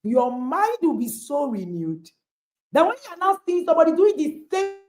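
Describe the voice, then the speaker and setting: A woman's voice: sits high, big pitch swings, normal speed, a little mellow. A woman, a parenting coach hosting and speaking emphatically to listeners over a video call. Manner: emphatic, rhetorical questions. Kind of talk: motivational talk to listeners.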